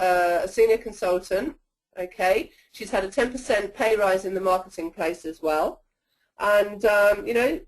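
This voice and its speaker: On a low-quality recording, a woman with a mid-range voice leads a sales training webinar. Her delivery is chatty and coaching, and she keeps checking in with listeners by asking "okay?"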